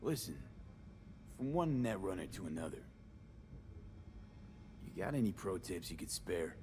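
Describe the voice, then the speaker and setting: Blunt streetwise merc hacker, low, lively pitch, faint noise. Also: male voice, a little slow. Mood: curious. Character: young male mercenary hacker, eager. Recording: game audio heard from afar.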